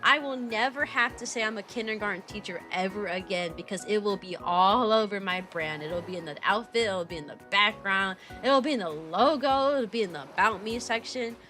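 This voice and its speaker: A young woman chatting casually on a livestream, bubbly and animated, laughing often as she reads viewer messages aloud. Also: mid-range voice, moderate pace, hardly any pauses, faint music behind. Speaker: VTuber streamer and kindergarten teacher.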